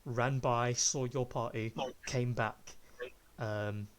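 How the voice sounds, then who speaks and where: Man calmly narrating as game master. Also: mid-range voice, slow, clear, resonant tone.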